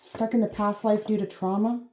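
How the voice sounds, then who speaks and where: A woman's voice: medium pitch, flat delivery, moderate pace, mellow. A woman giving a casual, meandering reading as host, chatty and full of fillers, swearing playfully now and then. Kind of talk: casual rambling live reading. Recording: roomy echo with faint noise.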